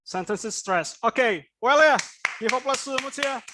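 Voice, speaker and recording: Over a noisy background, a very high-pitched Indonesian man teaches an online IELTS speaking class at normal speed. His style is explanatory, with frequent "right?" tag questions to check in.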